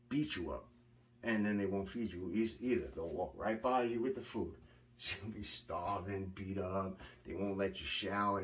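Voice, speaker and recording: A man's voice: fairly low pitch, far from the mic, slight background noise. A man from Long Island, telling a rambling, profane story in a casual monologue. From Long Island, New York. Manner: blunt, profane, rambling with restarts. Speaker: vlogger recounting prison experiences.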